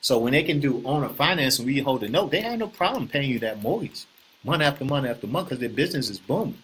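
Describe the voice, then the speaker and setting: A man hosting a casual real estate talk, animated and preachy, often repeating himself and asking the viewers questions. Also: mid-range voice, fast talker, slightly rough. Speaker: host.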